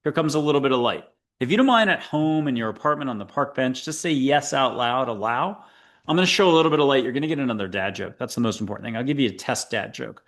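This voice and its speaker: American guy hosting a spiritual show, mid-pitched voice, rambles on and throws in dad jokes. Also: animated, fast talker, fairly bright tone. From United States. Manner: rambling and digressive, with playful asides and dad jokes. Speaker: show host. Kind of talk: casual spiritual talk to camera.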